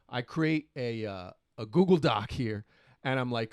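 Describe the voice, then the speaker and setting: Animated middle-aged man telling a story. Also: medium pitch, moderate pace, no room sound, clean studio sound. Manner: animated, breathless retelling full of quoted exclamations. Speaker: show host. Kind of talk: excited storytelling to camera.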